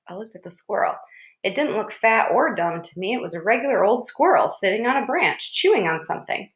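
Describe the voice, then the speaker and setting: A woman narrating a children's novel in a measured storytelling voice. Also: medium pitch, very animated. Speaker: audiobook reader. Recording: roomy echo.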